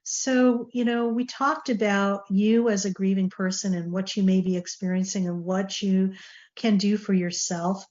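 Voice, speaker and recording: A woman's voice: medium pitch, steady tone, a little slow, darkish tone, dull audio. A woman hosting a talk show, speaking in a chatty, rambling way with plenty of fillers. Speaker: show host. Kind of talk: casual talk-show monologue.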